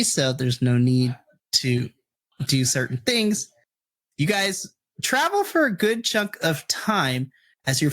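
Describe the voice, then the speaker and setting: A man's voice: on the high side, a bit bright. A man narrating a tabletop game as dungeon master in a loose, chatty way.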